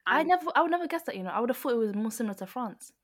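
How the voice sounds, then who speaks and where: A young woman hosting a podcast in relaxed, slangy chat, quick to laugh. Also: fairly high pitch. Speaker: podcast host. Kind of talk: casual chat.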